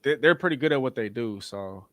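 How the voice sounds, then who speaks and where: Bright, lively man in a sports chat. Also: mid-range voice, a little fast. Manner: confident, repeats phrases for emphasis. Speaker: podcast co-host.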